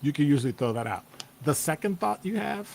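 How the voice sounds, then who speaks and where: Midwestern man, casual motivational talk, animated and playful, acts out reactions. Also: a little high, brisk, vocal fry, a little hiss or hum. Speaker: host. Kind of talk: casual motivational talk to a live-stream audience. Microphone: streaming setup microphone.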